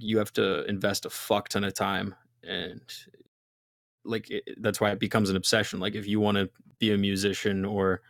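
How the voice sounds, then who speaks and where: Young male musician guest, rambling casual delivery, heavy profanity, low-ish dry voice. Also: creaky, dry recording. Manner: rambling, heavy swearing, many fillers. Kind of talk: casual interview chat.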